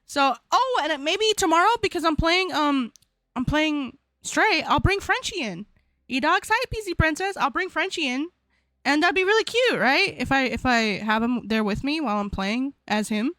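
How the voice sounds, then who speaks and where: A chatty young woman streamer talks casually to her viewers, rambling and repeating herself. Her voice sits high, and the sound is dry and close, with no room around it. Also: animated, moderate pace, fairly bright tone, no room sound. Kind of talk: casual stream sign-off chat.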